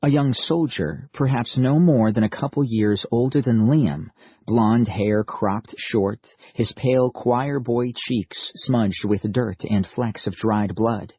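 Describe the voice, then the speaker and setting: A male audiobook narrator reads in a steady, even manner at a slow pace. His voice is low and a little husky. The recording is dry and slightly muffled. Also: dry recording. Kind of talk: scripted narration.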